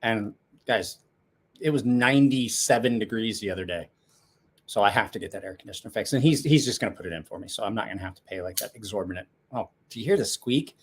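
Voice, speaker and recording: A man's voice: fairly low pitch, expressive, quick pace, slightly rough. A man hosting a casual livestream, chatting and rambling with frequent restarts and asides. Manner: rambling, self-correcting, chatty. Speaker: livestream host.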